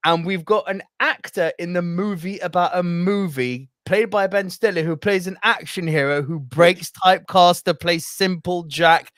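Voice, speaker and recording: A man co-hosting a movie podcast, talking in an excited, animated way and swearing often. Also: sits high, normal speed, hardly any pauses, dry recording, clean studio sound. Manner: animated, swears a lot, acts out film quotes. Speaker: podcast co-host. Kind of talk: excited casual chat.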